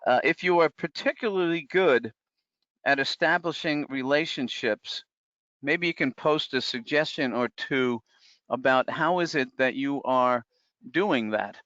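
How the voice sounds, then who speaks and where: A man's voice: mid-range voice, unhurried, fairly bright tone, no echo. Man giving a muffled webinar talk. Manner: conversational, many fillers and restarts, reads out chat comments. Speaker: webinar presenter. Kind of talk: live online presentation.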